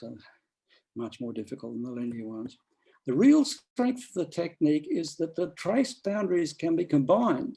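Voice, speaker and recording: Gravelly-voiced man giving a math lecture. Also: mid-range voice, warm tone, rough recording. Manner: rambling with many restarts and fillers. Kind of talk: academic seminar talk.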